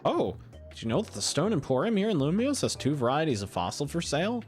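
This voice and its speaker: A man's voice: fairly high pitch, sing-song, fast talker, darkish tone, faint music behind. A man voicing a cheerful, folksy fossil restorer in a video game, chatty and eager to help. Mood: friendly.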